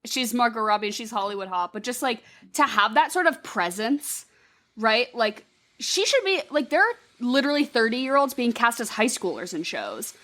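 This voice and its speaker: A woman's voice: on the high side, big pitch swings, normal speed, bright, forceful tone. A young woman co-hosting a podcast, chatting casually and animatedly, swearing often and acting out quotes. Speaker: podcast co-host. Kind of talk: casual chat.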